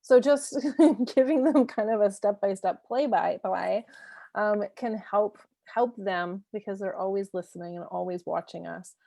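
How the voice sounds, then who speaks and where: A woman's voice: mid-range voice, unhurried, vocal fry, dark tone, dry recording, studio quality. A woman teaching a parenting lesson in a conversational way, often checking in with "right?" and laughing lightly. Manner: laughs lightly between points. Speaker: parenting coach.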